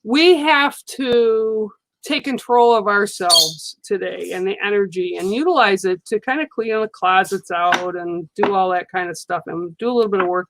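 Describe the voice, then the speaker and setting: A woman giving a live card reading to viewers, speaking in a slow, soothing and reassuring way, often checking in with "okay?". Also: mid-range voice, noisy background. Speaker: psychic card reader on a livestream. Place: studio.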